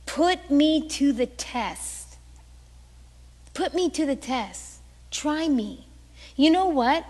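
Woman pastor for a sermon, unhurried delivery, acts out quoted lines, echoing church hall. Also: sits high. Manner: animated storytelling, acting out quoted voices.

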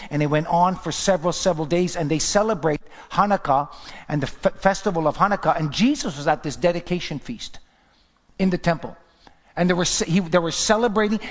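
A man preaching a sermon as pastor, fervent and emphatic. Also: a little high. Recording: long hall reverb.

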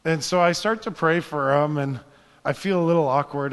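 A married man preaching a sermon, telling a story with hushed asides and building to fervent exhortation. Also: on the high side, fairly quick, big-room sound. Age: adult, married. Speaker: pastor.

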